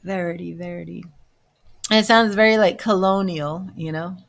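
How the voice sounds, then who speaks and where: In a gravelly, fairly low voice at ordinary speed, a woman does a psychic reading over live stream. She chats and amuses herself while calling out names to those watching, every so often murmuring softly on the side.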